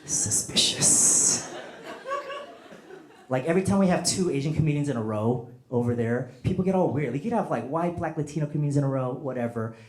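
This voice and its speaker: A man's voice: medium pitch, expressive, fast talker, few pauses. A man doing a stand-up comedy set on a club stage, chatting with the crowd and acting out voices. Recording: echoey club with audience noise.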